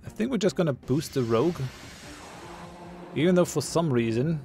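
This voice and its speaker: A man's voice: on the high side, lively intonation, normal speed, creaky, warm tone, faint music behind. A man giving casual commentary while he plays a game, thinking aloud, muttering and laughing at his own jokes. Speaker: gamer playing a ship combat game.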